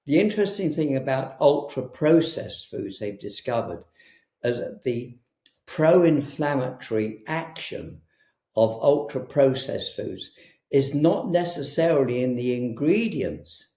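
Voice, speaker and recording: A man talking as a guest in a conversational interview, hesitant and full of pauses and restarts. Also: medium pitch, expressive, warm tone. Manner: hesitant, frequent ums and restarts. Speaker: herbalist guest. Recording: roomy echo.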